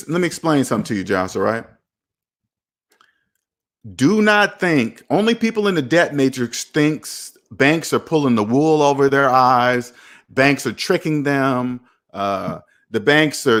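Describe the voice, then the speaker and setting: A man hosting a live personal finance stream, answering viewer comments in a blunt, animated way and acting out the people he quotes. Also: mid-range voice.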